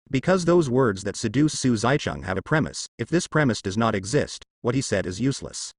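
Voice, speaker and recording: Lively-voiced man narrating a story. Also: mid-range voice, dry recording, clean studio sound. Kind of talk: storybook narration of a translated fan novel.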